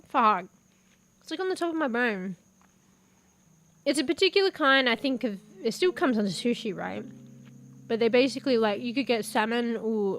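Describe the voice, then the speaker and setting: A woman's voice: fairly high pitch, slight background noise. Chatty, foul-mouthed young woman streamer. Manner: chatty, swears casually, laughs often. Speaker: VTuber streamer. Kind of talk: casual stream chat while eating. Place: home room with a fan.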